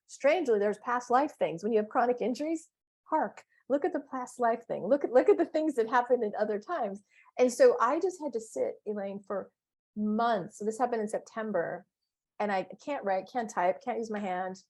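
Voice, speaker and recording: Playful, animated woman coach. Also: a little high, normal speed. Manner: animated, playful storyteller with big exclamations. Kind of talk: casual interview chat.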